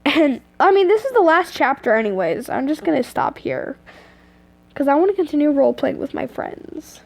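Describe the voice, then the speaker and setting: A woman's voice: high-pitched, very animated, moderate pace, creaky. A woman reading a fan story aloud, often stumbling and correcting herself. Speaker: reader of fan fiction.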